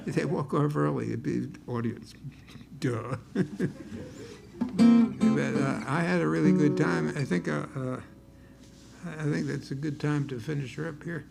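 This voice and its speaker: A man's voice: on the high side, measured pace, vocal fry, long pauses, music in the background. An older man, a blues guitarist, telling wry, rambling stories on a concert stage between songs, often stumbling and restarting his words.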